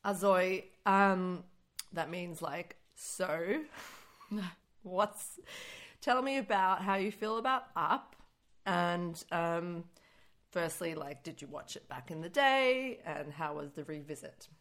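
A woman hosting a casual podcast chat, chatty and quick to laugh. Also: fairly low pitch, a bit bright. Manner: chatty, laughs often, reads summaries aloud. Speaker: podcast host.

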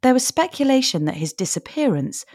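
A woman giving measured, sombre scripted narration as a podcast narrator. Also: high voice, very animated, no room sound, studio quality. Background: soft music.

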